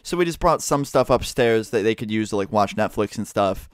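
A man's voice: on the low side, animated, clear, resonant tone, no echo, clean studio sound. A young man telling a casual story to camera, rambling and swearing freely. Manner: rapid, profane, rambling storytelling. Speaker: vlogger.

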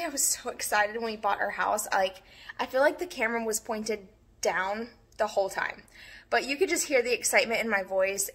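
A woman's voice: on the high side, fairly bright tone. Chatty woman touring her home. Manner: chatty, friendly, many "um" fillers. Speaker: home vlogger giving a house tour. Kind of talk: casual chatty house tour. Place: inside a small house, walking room to room.

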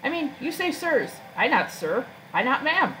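A woman's voice: high voice, big pitch swings, moderate pace, fairly bright tone, faint music behind, voice pushed up, low-quality recording. A woman voicing a genderless, food-loving creature that talks in broken, childlike grammar. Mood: gleeful.

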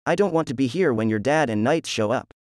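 A man's voice: medium pitch, expressive, fairly quick, dry recording, clean studio sound, natural voice. A man voicing a rude, lazy young male ninja anti-hero, reading him in a brash, mocking way from a fan story.

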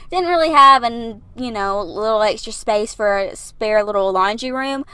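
A young woman records a casual, rambling voiceover from her parked car, short of breath and laughing between thoughts. Her voice sits a little high. The sound is dry and close, with no room around it. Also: normal speed, few pauses, bright, forceful tone, clear, resonant tone, no room sound. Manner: chatty, rambling, laughs often. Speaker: YouTuber narrating a build video.

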